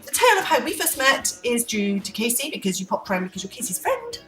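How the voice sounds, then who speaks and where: A woman rambles playfully through an unplanned vlog chat at home. Her voice is a little high and very animated. She is recorded from some distance in an echoey room, with faint music in the background. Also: fast talker. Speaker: vlogger. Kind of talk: unplanned casual chat to camera.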